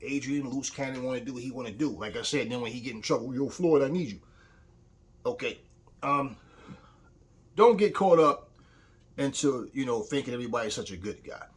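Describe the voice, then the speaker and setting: A man's voice: medium pitch, a little fast. A man talking in a casual opinion vlog as a boxing commentator, telling stories bluntly and heatedly, with frequent swearing.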